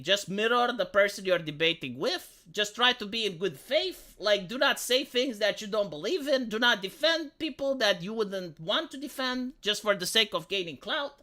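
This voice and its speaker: A woman with a Romanian accent and a squeaky voice, ranting heatedly on a casual live stream and often stumbling over repeated words. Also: bright, forceful tone. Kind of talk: casual livestream chat.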